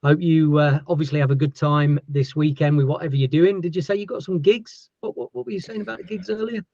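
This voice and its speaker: A man hosting a casual livestream chat as a label owner, chatty and thankful, his voice going hoarse. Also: on the high side, quick pace, mellow, no echo, highs cut off. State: losing his voice.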